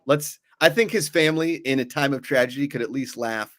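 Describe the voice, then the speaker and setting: A man's voice: mid-range voice, fairly quick, a bit bright. A man from Pittsburgh with a Pittsburgh accent, co-hosting a casual sports talk show and joking and teasing as he goes. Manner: jokey, teasing, laughs often. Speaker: co-host.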